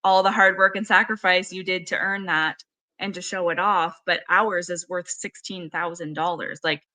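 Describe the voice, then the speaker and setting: A woman hosting a relaxed interview, talking with enthusiasm and lots of filler words. Her voice is bright and forward, sitting a little low for a woman. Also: moderate pace. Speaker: podcast host. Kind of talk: casual interview chat.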